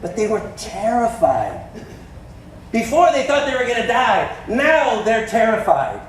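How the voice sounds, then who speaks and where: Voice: medium pitch, very animated, unhurried, slight background noise. A pastor giving a casual, joking sermon in a church, acting out the story's dialogue. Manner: conversational and joking, acts out quotes. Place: church sanctuary. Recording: echoey church hall, far from mic.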